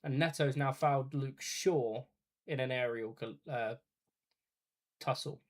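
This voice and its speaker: A man talking through a football match as it happens, calling each pass and foul in a relaxed, conversational way. He mixes play-by-play with casual asides to his viewers, as on a live watch-party stream. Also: mid-range voice, unhurried. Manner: chatty play-by-play with asides to chat.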